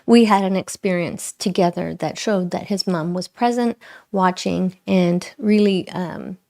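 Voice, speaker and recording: A middle-aged woman speaking earnestly and reflectively to viewers on a live spiritual talk, with frequent pauses. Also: lowish voice, creaky, darkish tone. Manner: slow, pausing, earnest and self-reflective. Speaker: spiritual livestream host.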